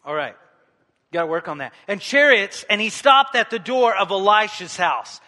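A man preaching a sermon in a church, animated, acting out the scripture story and calling the congregation to join in. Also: high voice, normal speed. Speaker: pastor. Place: church hall. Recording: long hall reverb.

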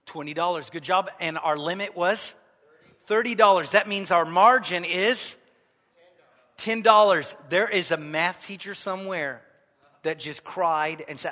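A man preaching a sermon in a church, joking with the congregation and swinging between loud, emphatic lines and quiet asides. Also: high voice, unhurried, in a large hall. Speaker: pastor. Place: church sanctuary.

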